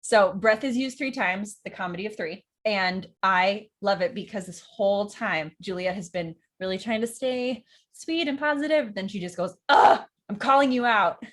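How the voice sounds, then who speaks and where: A woman's voice: medium pitch, normal speed, few pauses. Enthusiastic woman teaching verse. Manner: enthusiastic, acts out quotes, nerdy about verse. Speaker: acting teacher and director. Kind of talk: casual educational vlog.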